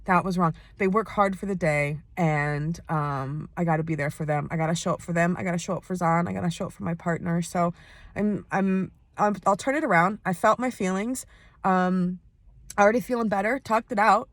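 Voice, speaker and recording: A woman's voice: on the low side, steady tone, normal speed, no echo. An American woman talking candidly and at length in a personal vlog, recorded inside a parked car. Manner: chatty, rambling, candid. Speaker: vlogger.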